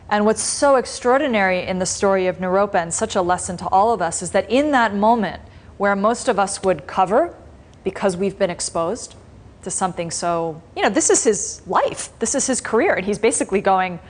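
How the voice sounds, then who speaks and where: A woman teaching a meditation class, retelling a story in a relaxed, conversational way with many fillers. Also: medium pitch, normal speed.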